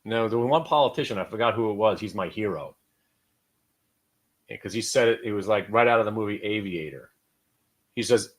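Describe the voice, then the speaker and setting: A middle-aged American man hosting a live stock trading room, talking casually and with swings between loud and quiet. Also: fairly low pitch, fast talker.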